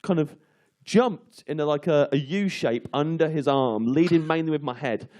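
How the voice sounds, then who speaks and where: A male comedian telling an animated anecdote to a live audience on a comedy panel show, laughing through it. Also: on the high side, normal speed. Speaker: comedian guest.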